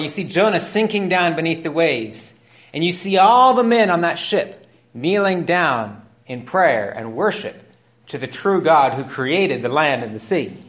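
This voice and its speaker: A man preaching a sermon, retelling scripture as a story and acting out its dialogue. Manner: storytelling, acts out dialogue with rising pitch.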